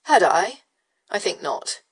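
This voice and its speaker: A woman's voice: medium pitch, big pitch swings, takes it slowly, heavily acted. A woman doing a lazy, mocking aristocratic rake. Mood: teasing drawl. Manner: drawling, mocking, smoothly provocative. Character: arrogant, lazily teasing male aristocrat rake. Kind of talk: audiobook character voice.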